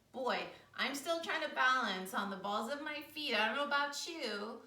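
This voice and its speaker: Bright, bubbly woman leading kids yoga. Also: on the high side. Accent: American. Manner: animated, encouraging, playful animal sounds. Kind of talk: storytime yoga for children. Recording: echoey room, far from mic.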